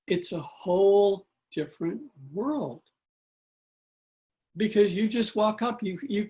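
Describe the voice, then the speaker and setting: A man giving a spiritual talk about money, telling stories with animated acted-out quotes. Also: high voice. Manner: animated storyteller, acts out quotes. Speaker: guest speaker.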